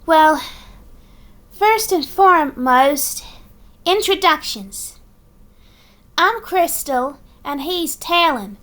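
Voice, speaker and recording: A woman's voice: extremely high pitch, fairly bright tone, voice pushed up, full character voice. A woman voicing a clumsy young female eaglet with an Australian accent, speaking earnestly and politely.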